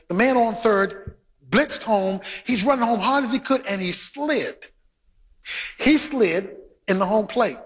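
A man preaches a sermon in a very high, lively voice that leaps across his range. He punches lines with shouts and banters with his congregation. The sound rings with a long hall reverb from a large sanctuary. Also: slightly rough. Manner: animated, emphatic preaching with frequent shouted lines; banters with the congregation and tells stories.

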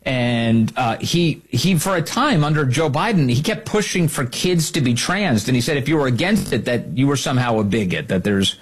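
Husky, emphatic male talk host. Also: mid-range voice, animated, moderate pace, hardly any pauses. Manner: emphatic, repeats his points for effect. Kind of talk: opinionated talk show monologue.

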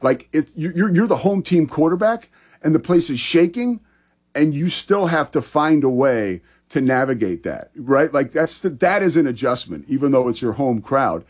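A man's voice: fairly high pitch, animated, moderate pace, darkish tone, slightly rough. A man co-hosting a sports talk show, chatting in an enthusiastic, conversational way. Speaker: sports podcast co-host.

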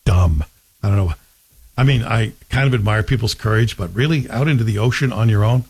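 A man's voice: lowish voice, fairly quick, gravelly, husky. A man hosting a morning talk radio show, chatting wryly and mocking himself. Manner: wry, self-mocking, chatty. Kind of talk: casual talk radio commentary.

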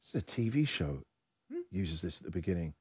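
A man's voice: low-pitched, lively intonation, brisk, husky, no echo, clean studio sound. A man hosting a comedic radio segment, playful and laughing often, mock-singing misheard song lyrics. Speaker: radio host. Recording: loud music bed behind.

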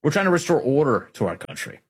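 A man's voice: a little high, sing-song, fast talker, slightly rough. A man hosting an opinionated political commentary show, speaking emphatically and repeating key phrases for effect.

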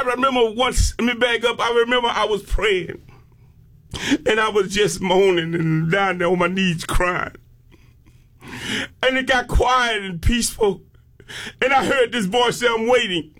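A male preacher giving a fervent sermon, often breaking into shouted exclamations and repeating phrases with emphatic calls. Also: very high-pitched.

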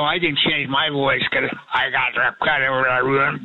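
A man's voice: medium pitch, flat delivery, a little slow. A man in his eighties calling in to a radio show, talking in a rambling, effusive way over a phone line. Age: 80s. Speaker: caller.

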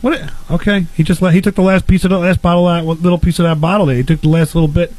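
A man playing a brash barbecue host who mocks his guest and fires off rapid questions. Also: sits high, steady tone, a little mellow, dry recording. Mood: jovial. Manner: blustery, mocking, rapid-fire questions.

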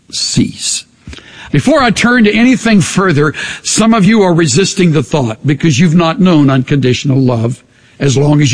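Husky guy preaching, earnest, goes quiet and soft a lot, big hall echo. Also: a little high. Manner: earnest, dropping to a hush on tender lines. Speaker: pastor. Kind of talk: sermon.

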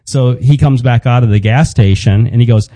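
Wry man in his fifties, dark tone. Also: mid-range voice, no room sound, rough recording. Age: 50s. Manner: halting, wry storyteller with frequent restarts. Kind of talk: casual storytelling chat.

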